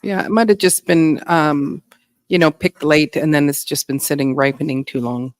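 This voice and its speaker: A woman's voice: sits low, steady tone, moderate pace, dry recording, studio quality. A middle-aged woman chatting casually as a co-host, rambling and easygoing, chuckling often. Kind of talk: casual chat.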